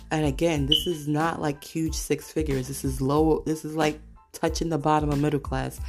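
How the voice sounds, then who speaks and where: A woman's voice: low voice, gravelly. An American woman hosting a podcast, talking in an emphatic, profane, casual monologue that repeats points for emphasis. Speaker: podcast host. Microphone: podcast mic.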